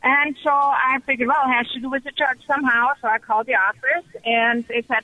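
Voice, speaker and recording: Woman, radio caller, chatty excited storytelling, muffled phone sound. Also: sits high, a little fast, hardly any pauses, dry recording. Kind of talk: call-in radio testimony. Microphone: telephone.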